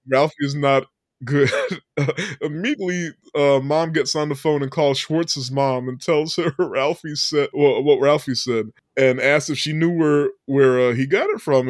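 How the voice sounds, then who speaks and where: A man's voice: on the high side, unhurried, no echo, clean studio sound. A man co-hosting a podcast, retelling a film scene by scene with frequent laughter and acted-out quotes. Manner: animated storyteller, laughs often, acts out quotes. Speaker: podcast co-host. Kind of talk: casual movie recap chat.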